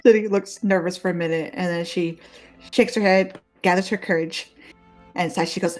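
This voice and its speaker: A woman's voice: lowish voice, steady tone, moderate pace. Woman player, chatty, giggly, lots of fillers, faint music. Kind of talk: narrating her character in a tabletop game.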